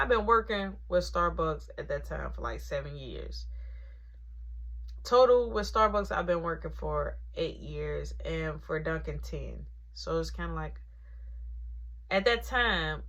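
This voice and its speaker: Animated woman telling a casual story. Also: deep voice, normal speed. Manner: animated, slangy, acts out quotes. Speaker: storyteller recounting a work story.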